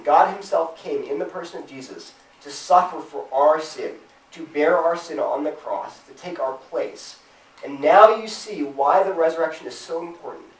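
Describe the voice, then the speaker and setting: A man giving an earnest, emphatic talk to a campus Christian group, acting out imagined objections in a raised voice. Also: on the high side. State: choked up with emotion at times. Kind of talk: apologetics talk to students. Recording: roomy, distant from the mic.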